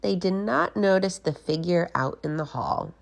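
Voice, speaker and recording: A woman reading a children's picture book aloud as a guest reader, slow and expressive. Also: fairly low pitch, gravelly.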